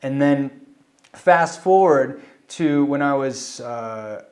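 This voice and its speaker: A man's voice: mid-range voice, slow pace, darkish tone. A middle-aged man from California, an animator telling stories of his start in a casual interview, acting out the quoted voices as he goes. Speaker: animator and film director interviewee.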